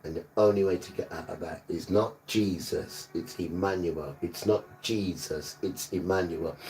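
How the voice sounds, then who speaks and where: A man's voice: low-pitched, dark tone, recorded from a distance. A man preaching on a livestream, emphatic and repetitive, sometimes scolding his listeners. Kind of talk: livestreamed sermon.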